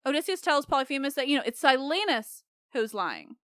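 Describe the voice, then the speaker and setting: A woman's voice: sits high, big pitch swings, a little fast, a bit bright, dry recording, studio quality. A woman hosting a podcast, retelling myths in a chatty, irreverent way that breaks into laughter. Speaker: podcast host. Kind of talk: comic myth retelling.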